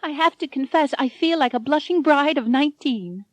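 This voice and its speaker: A woman voicing an elderly bride, sweet and sentimental, with a high fluttery voice. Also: moderate pace, no room sound, highs cut off, close to an everyday voice. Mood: tender.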